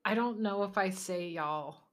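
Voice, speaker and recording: A woman's voice: medium pitch, a little slow. A woman hosting a podcast in casual chat, dry and amused, laughing easily. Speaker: podcast host.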